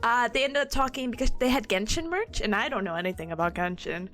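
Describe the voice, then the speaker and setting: A woman's voice: a little high, expressive, quick pace, a bit bright, soft background music. A woman chatting casually on a study live stream. She laughs often and breaks into squeals. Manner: giggly, bursts into laughter and squeals.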